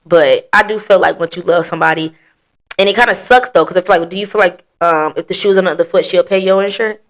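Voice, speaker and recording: A woman's voice: fairly low pitch, quick pace. A woman hosting a podcast, telling her story in blunt, profane casual chat. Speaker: podcast host.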